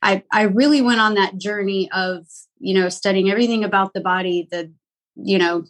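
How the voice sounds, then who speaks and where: A woman guest in a casual podcast interview, her voice sitting at an ordinary pitch. She talks thoughtfully and often circles back to restart a phrase. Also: steady tone, moderate pace, a bit bright. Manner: thoughtful, frequent restarts and fillers. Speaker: guest practitioner.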